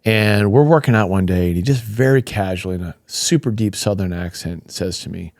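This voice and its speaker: Upbeat low-voiced man in his fifties. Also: brisk, hardly any pauses, no room sound, studio quality. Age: 50s. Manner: upbeat, animated storytelling with fillers. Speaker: podcast guest, supplement company founder. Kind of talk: casual interview chat.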